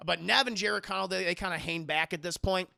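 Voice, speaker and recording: A man streaming a casual scene-by-scene film recap to his live chat, animated, profane and laughing often. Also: high voice, quick pace, gravelly.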